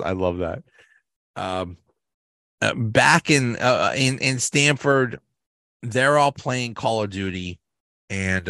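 A man, hosting a podcast and casually recapping sitcom episodes, halting often with fillers and restarts. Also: fairly low pitch, fairly bright tone, no echo, studio quality. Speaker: podcast host.

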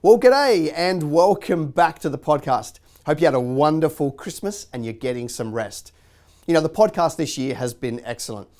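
A man hosts a podcast in a relaxed, chatty way, often leaning on fillers as he talks. His voice sits a little on the high side. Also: normal speed. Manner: chatty, many fillers like "you know". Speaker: podcast host. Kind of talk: casual podcast intro and talk.

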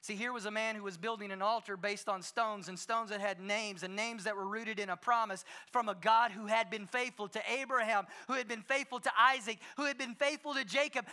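Fiery high-voiced male preacher. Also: fairly even intonation, brisk, hardly any pauses. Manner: impassioned preaching, swinging between loud and hushed. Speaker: pastor. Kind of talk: sermon.

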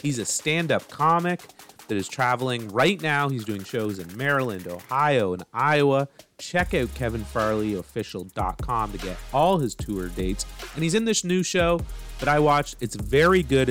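A man's voice: mid-range voice, fairly bright tone. A man hosting a comedy podcast, introducing his guest and leading an interview. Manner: introduces guest then asks about stories. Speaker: podcast host.

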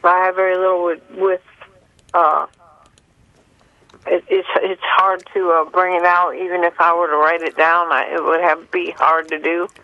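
A woman calling in to a radio show, speaking haltingly with many pauses and fillers. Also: fairly low pitch, flat delivery, bright, forceful tone. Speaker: caller. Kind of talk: call-in radio confession. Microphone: telephone. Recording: muffled phone line.

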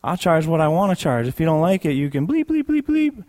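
A man's voice: fairly high pitch, big pitch swings, a little fast, darkish tone, pitched above the performer's own voice. A man putting on the voice of a rude, dismissive young female store cashier, with snappy, contemptuous retorts. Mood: snippy.

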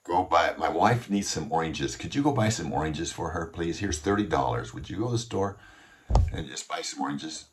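A man voicing a calm, wise male boss who speaks softly and asks gentle questions. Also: deep voice, moderate pace, far from the mic, noisy background. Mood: patient.

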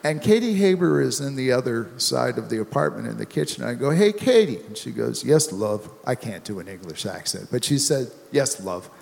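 A man's voice: medium pitch, expressive, brisk, creaky, hardly any pauses, long reverb tail. A man telling a rambling anecdote on a panel, chuckling and restarting his sentences. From United States. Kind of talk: anecdotal storytelling.

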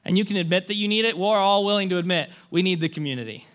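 Bright, high-voiced animated preacher. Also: male voice, fast. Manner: animated storytelling with rhetorical questions and frequent "like". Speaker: pastor. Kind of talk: conversational sermon.

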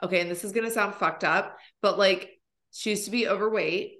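A woman in her thirties chatting on a podcast in a bright, forceful voice. She rambles casually, packing her talk with fillers and swearing freely. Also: mid-range voice, fairly quick. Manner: chatty, profane, lots of fillers. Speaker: podcast host. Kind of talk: casual chat.

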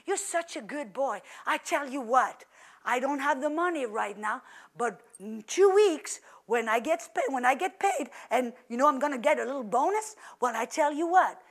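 A woman doing a soft-spoken loving dad. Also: lively intonation, normal speed. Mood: tender. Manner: soft, low and soothing. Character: gentle loving father speaking to young son.

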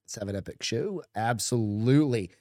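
A man's voice: mid-range voice, moderate pace, mellow, no echo, clean studio sound. A middle-aged man co-hosting a podcast, joking around in casual chat and swearing a lot. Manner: crude, joking, profane. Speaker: podcast co-host.

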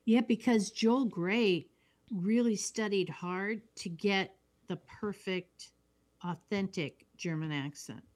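A woman co-hosting a casual film chat, agreeable and unhurried, often trailing off mid-thought. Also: mid-range voice, darkish tone. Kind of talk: casual chat about films.

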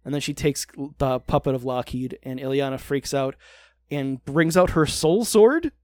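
A man's voice: medium pitch, moderate pace, darkish tone, dry recording. A man co-hosting a podcast, recapping a TV show in casual, sarcastic chat and swearing freely.

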